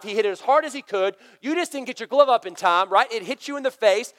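A man in his thirties preaching a conversational, energetic sermon full of family stories. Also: very high-pitched, fast talker. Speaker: pastor. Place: church sanctuary. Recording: long hall reverb.

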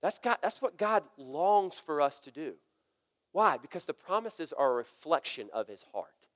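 Storytelling pastor in a reverberant hall. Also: male voice, a little high, moderate pace. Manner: conversational, storytelling, energetic. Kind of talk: sermon. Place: church sanctuary.

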